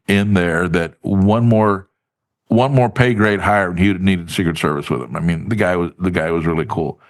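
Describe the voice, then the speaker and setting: A middle-aged man telling stories as a podcast guest, lively and acting out what others said. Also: sits low. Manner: animated storyteller who acts out quoted voices. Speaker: podcast guest, business advocate. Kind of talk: casual storytelling in an interview.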